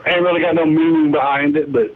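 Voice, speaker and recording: A man's voice: a little high, steady tone, fast talker. A man interviewing a rapper in an easygoing, slangy, joking way. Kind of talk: casual interview chat. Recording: tinny phone-like line.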